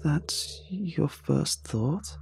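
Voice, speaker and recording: A frail, bedridden woman speaks in a soft, breathy, halting voice, as a man puts her on. She is faint and ghostly, her pitch set high, and she keeps her remarks dry and teasing. It sits inside a scripted horror story narration. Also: animated, slight background noise, full character voice.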